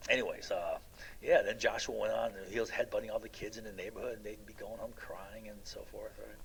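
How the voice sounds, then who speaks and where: A man's voice: sits low, fairly even intonation, quick pace, slight background noise, poor audio. A middle-aged man giving an informal classroom lecture, rambling through anecdotes with many fillers and a constant "right?". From United States. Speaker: college lecturer.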